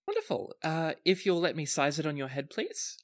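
A man voicing an elderly woman hatmaker who is fussy and polite, in a high, breathy voice. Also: huge pitch swings, moderate pace.

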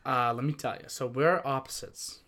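A man's voice: mid-range voice, normal speed, fairly bright tone. Upbeat young man hosting a podcast. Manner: upbeat, jokey, playful teasing. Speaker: podcast host. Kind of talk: casual chat.

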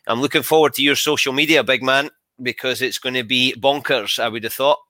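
A man's voice: medium pitch, steady tone, fairly quick, sharp tone, no echo. A man hosting a casual interview, upbeat and teasing his guest with banter. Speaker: host.

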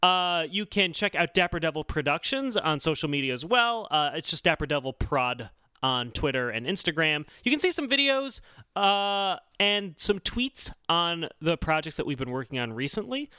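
A man's voice: on the high side, sing-song, normal speed, sharp tone, clear, resonant tone, no echo. A man co-hosting a comedy podcast in casual chat, cracking dry puns and reading the sign-off. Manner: dry punning, reads the show's sign-off. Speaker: podcast co-host.

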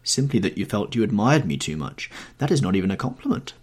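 A man's voice: on the low side, sing-song, quick pace, darkish tone, breathy edge. A man voicing a charming, guarded young man in a storybook reading, with a lighter, evasive delivery. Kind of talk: audiobook character reading.

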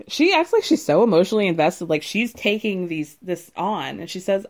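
A woman's voice: fairly low pitch, animated, moderate pace. A young woman casually recapping a reality show in a chatty, gossipy way, often laughing and acting out what people said.

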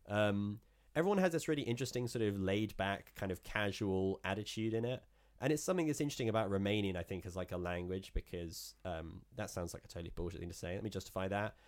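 A man co-hosting a podcast, chatting casually in a rambling, animated way full of fillers. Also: sits low. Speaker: podcast co-host. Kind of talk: casual chat.

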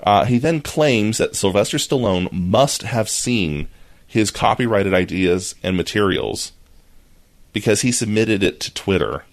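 Low-voiced man reading podcast headlines. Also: measured pace, dry recording. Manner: relaxed, reads out headlines with fillers. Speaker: podcast co-host. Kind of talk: casual chat, reading news items.

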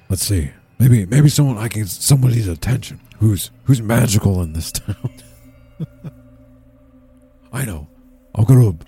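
A bumbling, self-important townsman rambles in a panicky, excitable way, as a man acts him out. His voice is low, gravelly and husky, with a dark tone. This is improvised comedy.

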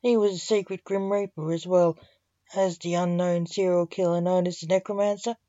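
A woman reading her own short story aloud as a podcast host, in a slow, deliberate storytelling manner. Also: fairly low pitch, steady tone, mellow, no room sound, lo-fi sound.

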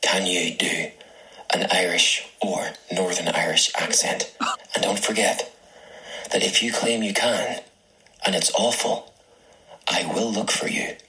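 A man doing an impression of a menacing tough guy in a voice note, slow and half-whispered. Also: low-pitched, flat delivery, a little hiss or hum, low-quality recording. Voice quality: hushed, half-whispered delivery. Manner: slow, deliberate, threatening. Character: menacing gravel-voiced man making threats.

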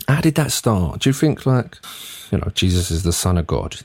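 A man's voice: medium pitch, very animated, brisk, a little mellow, no room sound. A young man hosting a podcast, rambling in a sweary, slang-heavy comic monologue full of asides. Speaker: podcast host. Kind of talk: casual comedic monologue.

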